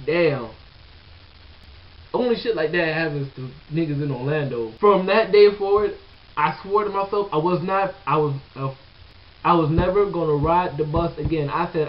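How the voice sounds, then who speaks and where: A young man with a high voice tells a rambling, profane story, packed with fillers and asides. He sounds set back from the mic, and the recording is dull and lo-fi. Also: moderate pace. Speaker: vlogger. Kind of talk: casual storytelling. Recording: distant, dull lo-fi webcam sound.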